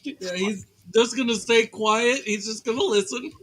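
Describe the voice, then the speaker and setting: A man taking part as a player in a tabletop game, relaxed and giggly. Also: sits high, moderate pace, slight background noise. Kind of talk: casual play talk.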